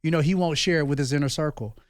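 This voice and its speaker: A man's voice: fairly high pitch, quick pace, no echo, clean studio sound. A man in his thirties, a podcast host and former pastor, telling personal stories in a candid, earnest way. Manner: earnest, confessional storytelling peppered with "bro". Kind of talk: candid conversation.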